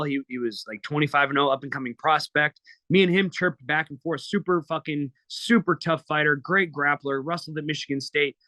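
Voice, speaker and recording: A man's voice: fairly high pitch, pushed and bright, dry recording. A man in his thirties, a fighter as podcast guest, talking bluntly and emotionally with lots of swearing. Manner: blunt, profane, emotional storytelling. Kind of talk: candid podcast interview.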